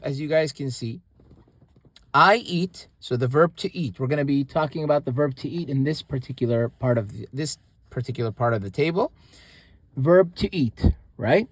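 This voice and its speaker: Male language teacher, fairly high voice, dry close sound, rambling explainer with lots of fillers. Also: dry recording. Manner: rambling, many restarts and fillers, repeats example words. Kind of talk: casual explanatory lesson.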